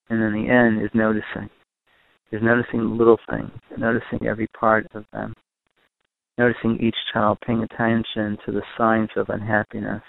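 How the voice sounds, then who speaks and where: A man's voice: lowish voice, creaky, no room sound, narrow, tinny audio. A man giving a recorded lecture to a group on family and parenting, repeating and rephrasing his points for emphasis.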